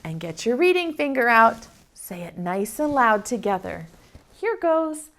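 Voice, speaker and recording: Slow sing-song preschool teacher woman. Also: fairly high pitch, very animated. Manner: slow, sing-song, encouraging talk to small children. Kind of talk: virtual preschool circle time.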